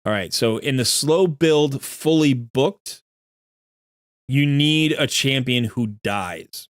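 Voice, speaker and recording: A man's voice: mid-range voice, lively intonation, slow pace, a bit bright, clean tone, no room sound, clean studio sound. A man giving chatty, rambling live-stream commentary as he looks through a viewer's game account, often correcting himself.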